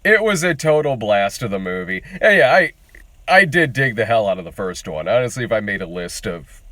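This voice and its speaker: Male film reviewer, loose and profane, lively up-and-down delivery. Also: on the low side, a little fast, no echo. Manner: animated, profane, laughs often. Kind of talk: casual movie review chat.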